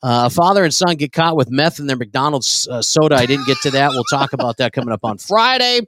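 A man's voice: mid-range voice, expressive, a little fast, a bit bright, a little hiss or hum. A man co-hosting a casual comedy podcast, joking crudely and laughing often as he runs through news stories. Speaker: podcast co-host.

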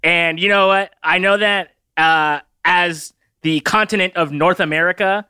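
A man's voice: high-pitched, steady tone, a little slow, pushed and bright, clean tone, dry recording, studio quality. A man chatting on a podcast as guest co-host, joking and laughing often over a remote call. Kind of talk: casual podcast chat.

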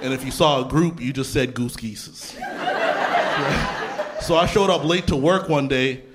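A young adult man from Canada doing a stand-up comedy set in a theatre, talking conversationally with deadpan punchlines and casual asides. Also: medium pitch, a little slow, very noisy. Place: theatre stage before a laughing audience. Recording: live theatre set with crowd laughter. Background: audience laughter.

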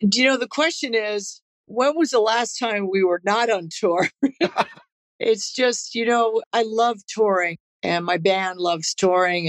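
A woman's voice: mid-range voice, no echo, poor audio. Laid-back woman guest, laughing easily. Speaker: guest, rock musician. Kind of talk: casual interview chat.

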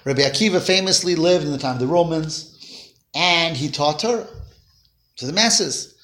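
A man teaching a Torah class to a small group, telling stories in an animated way with voiced quotes and Hebrew phrases. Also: on the high side, moderate pace. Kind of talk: informal class storytelling. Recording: echoey room.

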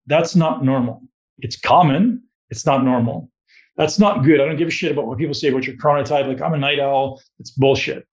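A man's voice: medium pitch, darkish tone. A man giving a blunt, motivational coaching talk to a live group, swearing freely and firing questions at the room. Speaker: host giving a talk on fat loss.

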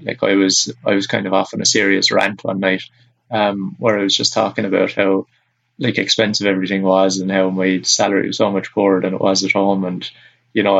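Gravelly Irish man, rambling and relaxed. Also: low voice, dull audio. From Ireland. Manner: relaxed, rambling with many fillers. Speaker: podcast guest. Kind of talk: casual chat.

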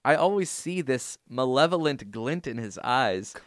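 Male podcast host, laughs often, reads letters with mock drama, animated pitch. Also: dry recording, studio quality. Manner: reads listener emails aloud with playful emphasis; laughs often, quick jokes. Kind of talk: casual chat.

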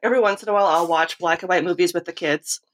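A woman's voice: on the low side, rapid-fire. A woman hosting a podcast, telling a rambling story in casual chat. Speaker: podcast host.

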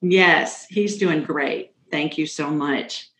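A woman's voice: deep voice, slow, a bit bright, a little hiss or hum. A woman hosting a call-in show, talking in a chatty, upbeat way and joking about herself. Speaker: radio show host and psychic. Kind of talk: casual call-in show chat. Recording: roomy echo.

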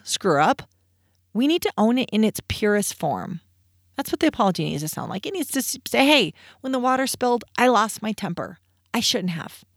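A woman's voice: mid-range voice, no room sound, clean studio sound. A woman in her thirties hosting a parenting podcast, talking candidly and conversationally and answering her own rhetorical questions. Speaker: podcast host.

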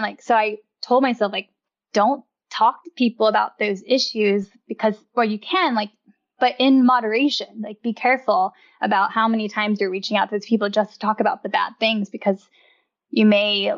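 A woman's voice: medium pitch, highs cut off. A young woman talking casually as a podcast guest, chatty and laughing often, with lots of "like" fillers. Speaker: podcast guest, wellness writer. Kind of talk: casual interview chat.

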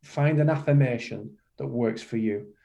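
A middle-aged man from the UK speaks as a podcast guest in a warm, mellow voice. His pitch sits in the everyday middle for a man. He talks with passion and emphasis, repeating his key phrases and calling the listener "man" like a motivational coach. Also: normal speed, creaky, lo-fi sound. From United Kingdom. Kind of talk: podcast interview conversation.

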